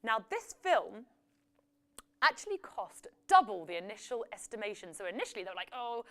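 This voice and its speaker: A woman's voice: mid-range voice, very animated, fairly quick, fairly bright tone. A woman hosting a live quiz, reading out questions and results with chatty, jokey asides. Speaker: quiz host.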